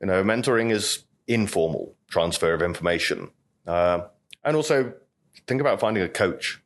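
A man's voice: low voice, expressive, moderate pace. A middle-aged man, a veteran bartender telling stories in an interview, with a chatty, anecdotal manner full of "you know". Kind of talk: storytelling interview talk.

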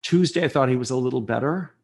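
A man telling a personal story in an interview, earnest, and quick and agitated when reliving tense moments. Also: medium pitch, gravelly. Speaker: guest recounting a personal experience.

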